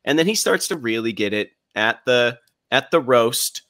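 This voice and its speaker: Pria pencerita santai, suara kering. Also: male voice, medium pitch, moderate pace, dry recording, clean studio sound. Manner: animated storyteller, laughs while telling. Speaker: podcast co-host. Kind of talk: casual chat.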